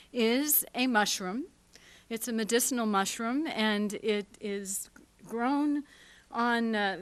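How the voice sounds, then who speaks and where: A woman's voice: fairly high pitch, a bit bright, dry recording. A woman who produces a local show, giving a chatty, self-deprecating acceptance speech at a TV studio event. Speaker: award recipient and show producer.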